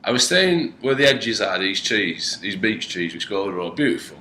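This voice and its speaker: A man co-hosting a podcast, telling an animated story in casual chat and slipping into other people's voices. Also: lowish voice, normal speed. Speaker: podcast co-host. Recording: echoey room with faint noise.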